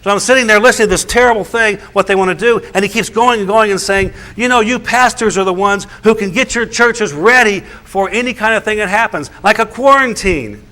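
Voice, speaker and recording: A middle-aged man, a pastor, recounting a meeting in animated, incredulous storytelling talk. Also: high voice, fairly quick, hardly any pauses. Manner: animated, incredulous, quotes others in their voices.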